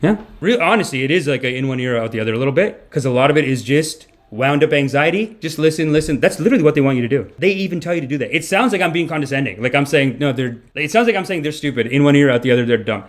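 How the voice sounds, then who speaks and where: A man's voice: on the high side, expressive, fast talker, hardly any pauses. A man doing a comedic monologue as a mock spiritual guru, rambling and cutting himself off.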